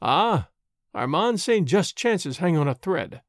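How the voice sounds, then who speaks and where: A man's voice: fairly high pitch, sing-song, slow pace, no room sound, studio quality. A man doing a sly, sarcastic French agent. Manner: quiet, mocking courtesy.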